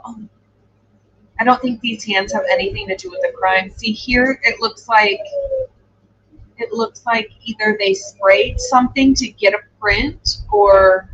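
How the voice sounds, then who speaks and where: A woman's voice: fairly high pitch, measured pace, breathy edge. A woman hosting a live true crime stream, thinking aloud as she reacts and trails off in hesitant musing. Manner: coos softly to her dog. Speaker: true crime livestream host. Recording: dull lo-fi stream audio.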